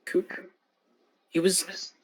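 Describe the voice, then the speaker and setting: A man playing a blunt, defensive dragonborn monk in a tabletop game, stammering through questions. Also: very slow. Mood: indignant. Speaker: player character. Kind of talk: tabletop role-play.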